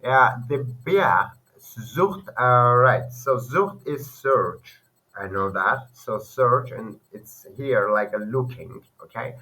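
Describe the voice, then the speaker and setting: A man's voice: mid-range voice, animated, slow, bright, forceful tone, low-quality recording. Hesitant man. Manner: hesitant, many fillers and self-corrections. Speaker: language learner teaching online. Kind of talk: casual screen-share lesson.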